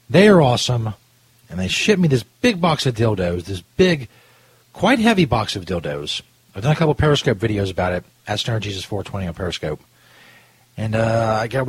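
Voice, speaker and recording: A man's voice: mid-range voice, slightly rough, dry recording. A man hosting a casual live podcast, rambling and profane, often restarting his sentences. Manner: loose, rambling, profane, self-interrupting. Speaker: podcast host. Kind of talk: casual talk show banter.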